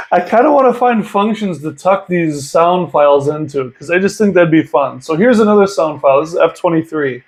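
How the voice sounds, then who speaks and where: A man with a somewhat high voice walks through a hobby setup in a casual tutorial. He talks chattily and with real enthusiasm, thinking out loud as he goes. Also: animated, a little fast, hardly any pauses, rough recording. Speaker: model train hobbyist host.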